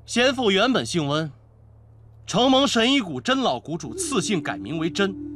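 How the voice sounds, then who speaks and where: An actor playing a composed, defiant young swordsman, speaking in a measured, formal and cutting way in a period martial-arts drama. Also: sits high, very animated, fairly bright tone. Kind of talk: period wuxia drama dialogue. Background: drama score music.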